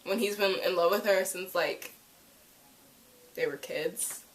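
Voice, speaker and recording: A young woman reviewing a TV episode in a casual, animated way, full of slang and "like", jumping between loud outbursts and hushed asides. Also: fairly low pitch, measured pace. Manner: frequent "like" fillers, slangy.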